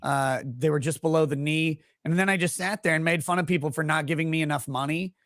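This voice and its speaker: A man's voice: fairly high pitch, quick pace, fairly bright tone, no echo, clean studio sound. A man who is a guest on a casual stream chat, laid-back and self-mocking.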